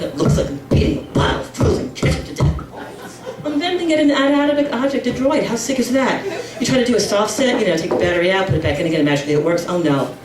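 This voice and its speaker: A brash middle-aged woman doing stand-up in a comedy club, her voice swinging widely up and down as she tells her story. She sounds a little far from the mic in an echoey room, and a crowd laughs loudly behind her. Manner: brash, jumps into shrill squealing character voices for relatives.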